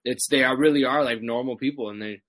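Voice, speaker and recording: A man's voice: mid-range voice, fast, dry recording. A young adult man telling stories in a casual chat, acting out what people said. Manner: animated storyteller, acts out quotes. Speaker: podcast guest.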